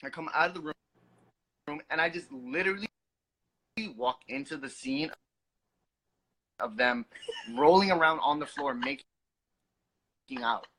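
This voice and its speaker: A man appearing as a guest on a phone livestream, telling a story in an animated way and acting out what people said. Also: fairly high pitch, unhurried, pauses often, low-quality recording. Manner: animated storytelling, acts out quotes.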